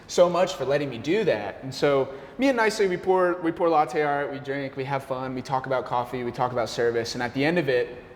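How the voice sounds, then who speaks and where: A young man, a barista, telling a story in an animated, slangy way, his voice jumping up when he gets excited. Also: medium pitch, brisk. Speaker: barista and café worker. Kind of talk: casual storytelling chat. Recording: roomy echo with long reverb, faint ambience.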